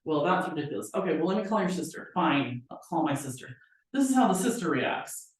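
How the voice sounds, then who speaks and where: A woman presenting at a training seminar, telling a story and acting out the people in it with lively voices. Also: low-pitched, brisk. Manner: animated, acts out quoted people with voices. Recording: very echoey room, voice from far off.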